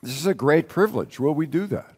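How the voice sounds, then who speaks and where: A man's voice: on the high side, animated, fairly quick, darkish tone, slightly rough. A man preaching a sermon in a conversational way, repeating key phrases and asking rhetorical questions. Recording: long reverb of a large hall.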